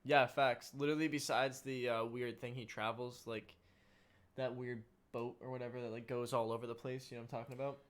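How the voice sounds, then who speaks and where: A man's voice: medium pitch, level tone, fairly quick. A young man co-hosting a casual podcast chat, laid-back and tired, swearing freely and calling people bro. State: tired, yawning. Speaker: podcast co-host.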